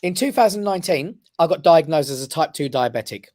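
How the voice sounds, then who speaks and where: A man, a guest on a talk show, telling a personal story with lively emphasis and frequent "right?" check-ins. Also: on the high side, brisk, dry recording, clean studio sound. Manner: animated storyteller who keeps checking in with "right?". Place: his office.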